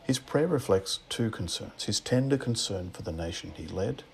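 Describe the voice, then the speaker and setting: A man with an Australian accent preaching a sermon in a measured, reflective way, asking rhetorical questions. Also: fairly low pitch, expressive, creaky, a little hiss or hum.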